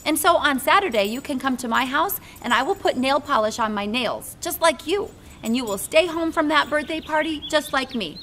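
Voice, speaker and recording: A woman doing a squeaky bossy little girl. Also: very animated, a little fast, soft background music, heavily acted. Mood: excited. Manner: loud, squeaky, emphatic. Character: bossy excitable little girl, about five.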